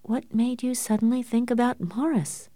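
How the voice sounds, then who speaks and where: A woman reading an audiobook, voicing an earnest, anxious young woman, a devoted daughter, who speaks in a soft, pleading way. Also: mid-range voice, slow, no echo, studio quality, natural voice.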